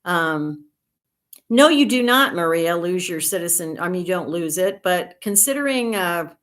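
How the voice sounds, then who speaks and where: A woman's voice: fairly low pitch, animated, a little slow, a bit bright. A woman in her sixties from the United States hosting a casual livestream, chatting in a rambling way with dry humor and answering viewer comments. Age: 60s. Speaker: livestream host.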